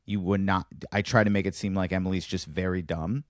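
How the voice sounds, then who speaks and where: Male podcast co-host, low-pitched, animated stand-up storytelling, dry studio mic. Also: a little fast, dry recording. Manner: animated storyteller, acts out dialogue with big pitch jumps. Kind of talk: casual chat, telling a stand-up bit.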